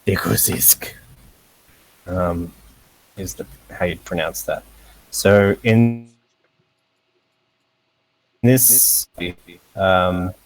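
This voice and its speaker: A man teaching a casual lesson over a voice call, halting with fillers and short laughs. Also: sits low, no echo, low-quality recording. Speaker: language teacher.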